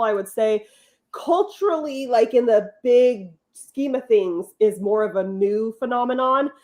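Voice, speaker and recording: Chatty Californian woman, fairly high voice. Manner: chatty, many fillers and laughs. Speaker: host. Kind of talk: casual chat.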